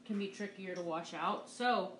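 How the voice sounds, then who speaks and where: A woman's voice: mid-range voice, normal speed, fairly bright tone, echoey room, slight background noise. A woman art teacher giving a live painting demonstration, upbeat and encouraging as she talks through each stroke. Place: art studio.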